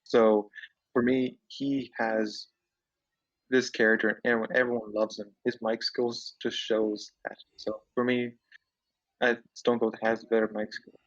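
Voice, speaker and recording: A man pushes his side of a casual podcast debate, insistent and rambling. He sits back from the mic, and the sound is dull and muffled. His pitch sits mid-range. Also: flat delivery, measured pace, far from the mic. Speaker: co-host debating wrestlers.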